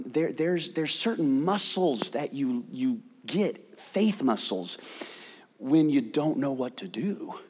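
A man preaching a sermon as pastor, swinging between hushed, near-whispered passages and loud, rising exclamations. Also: medium pitch. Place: church sanctuary. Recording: long reverb of a large hall.

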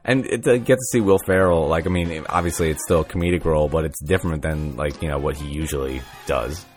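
A man's voice: extremely low pitch, fast, faint music behind. A man co-hosting a podcast, chatting casually in a laid-back, rambling way with lots of fillers. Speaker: podcast co-host. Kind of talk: casual chat.

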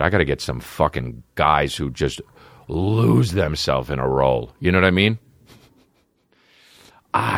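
A man in his thirties hosting a podcast from home, rambling in a casual, profane, animated way with lots of restarts. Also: rumbling low, dry recording, clean studio sound. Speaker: podcast host. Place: at home, dogs nearby. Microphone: podcast microphone.

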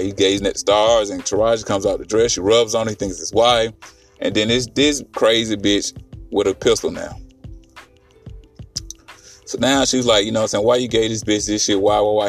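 A man's voice: lowish voice, recorded from a distance. A man casually recapping a film on a podcast, rambling and profane, with lots of fillers and restarts. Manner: rambling, profane, animated retelling with many fillers. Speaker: podcast host reviewing a film.

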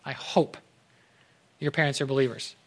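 A young man preaching a casual sermon in an animated way, acting out the voices of the people he quotes. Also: medium pitch, moderate pace.

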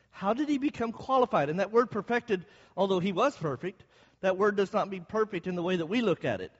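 High-voiced man teaching a Bible class. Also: in a large hall, lo-fi sound. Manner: asks the audience questions as he explains.

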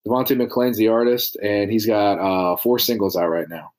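A man's voice: on the low side, steady tone, normal speed, a little mellow. A young man from small-town Ohio, a podcast guest telling rambling stories full of fillers in casual chat. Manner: rambling, filler-heavy storytelling.

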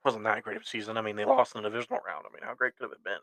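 Solo podcast host, man with a bright forceful voice, rambles and corrects himself, dry close mic. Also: fairly low pitch, huge pitch swings, racing, gravelly, no echo, low-quality recording. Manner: rambling, self-correcting, opinionated fan talk. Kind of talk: solo sports podcast monologue.

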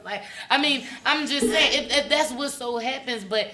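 A woman in her late twenties co-hosting a casual chat, talking with animated passion and plenty of swearing. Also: high voice, normal speed. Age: late 20s. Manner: animated, passionate, profane, acts out quotes. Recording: echoey room, mic at a distance, faint noise.

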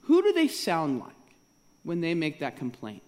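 A man's voice: fairly high pitch, huge pitch swings, a little slow, darkish tone. A man preaching a sermon to his congregation, asking rhetorical questions and repeating key phrases for emphasis. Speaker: pastor. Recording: long reverb of a large hall.

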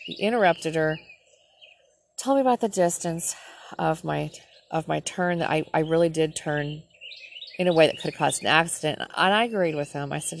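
A woman's voice: low-pitched, normal speed, creaky, a little hiss or hum. A middle-aged woman, a nurse, bluntly ranting and telling a story in a profane personal vlog.

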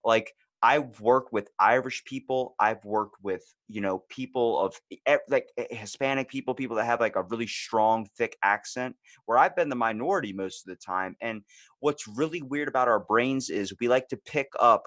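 A man hosting a podcast in casual chat, animated and acting out the voices of people he quotes. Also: mid-range voice, moderate pace, no room sound. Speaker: podcast host.

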